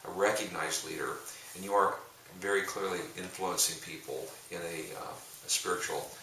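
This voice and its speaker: Man, middle-aged, pastor, deep voice, forceful tone, jokey rambling storytelling, distant mic, faint hiss. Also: steady tone, normal speed, vocal fry, echoey room. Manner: jokey, rambling, with frequent restarts. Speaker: pastor and coach. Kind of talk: casual storytelling talk.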